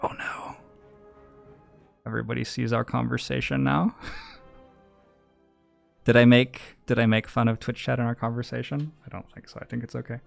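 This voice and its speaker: A man's voice: mid-range voice, flat delivery, moderate pace, gravelly, pauses often, faint music behind. A man hosting a stream, chatting in a joking, easygoing way. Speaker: host. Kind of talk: casual chat while streaming.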